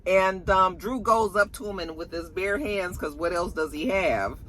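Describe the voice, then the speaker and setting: A woman casually recapping a TV episode in an animated, colloquial way, laughing often. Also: lowish voice, moderate pace, slight background noise. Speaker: TV episode reviewer.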